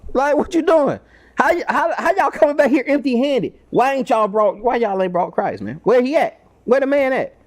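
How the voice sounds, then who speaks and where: Guy doing a fed-up chief priest voice, pitched way up and squeezed, firing off demands like he can't believe it. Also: expressive, moderate pace. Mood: indignant. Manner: exasperated street-style questioning. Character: indignant male chief priest, demanding, scolding.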